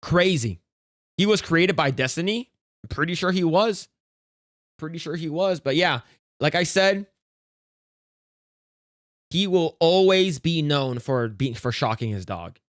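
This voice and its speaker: A man's voice: fairly high pitch, lively intonation, unhurried, pauses often, a bit bright, no echo, studio quality. Blunt, profane man ranting on stream. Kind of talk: casual reaction stream commentary.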